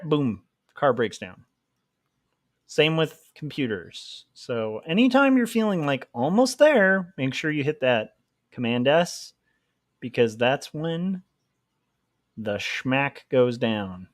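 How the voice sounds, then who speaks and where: A man's voice: a little high, expressive, takes it slowly, pauses often, a bit bright, no echo, studio quality. A man hosting a casual livestream while drawing, rambling and joking at his own expense. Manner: joking, rambling, self-mocking. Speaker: livestream host, comic artist.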